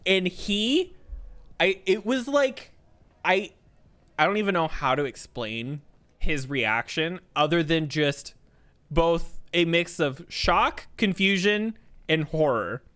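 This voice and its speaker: A man's voice: a little high, lively intonation, takes it slowly, fairly bright tone. A man streaming a game and chatting casually, telling stories full of fillers and frequent laughter. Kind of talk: casual chat while playing a game.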